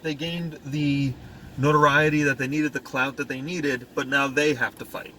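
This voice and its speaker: High, bright-voiced man mocking a movie. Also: steady tone, slight background noise, rough recording. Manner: exasperated, mocking, acts out scenes in quick put-on voices. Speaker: podcast co-host. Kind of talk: casual movie review chat.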